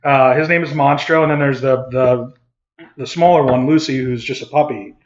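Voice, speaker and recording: A man hosting a podcast who interviews a young guest in an easygoing way and asks quick-fire questions. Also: mid-range voice, fairly even intonation, echoey room, muffled recording. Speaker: podcast host. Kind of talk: casual interview.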